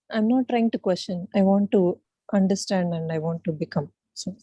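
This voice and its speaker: Woman asking a question on a video call, hesitant, dark and dry sound. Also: mid-range voice, normal speed, dry recording, dull audio. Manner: hesitant, many fillers like "like".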